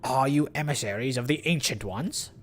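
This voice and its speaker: A man voicing a guarded fish-folk chieftain in a game, with slow, measured, formal speech. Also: medium pitch, faint music behind, lightly acted. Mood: solemn.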